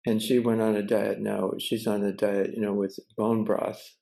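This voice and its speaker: An older man with a gravelly, mellow, low voice tells a story. He talks haltingly, with pauses and restarts, heard through a video call mic. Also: flat delivery, low-quality recording. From United States. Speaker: Zen teacher and cook. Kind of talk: casual storytelling.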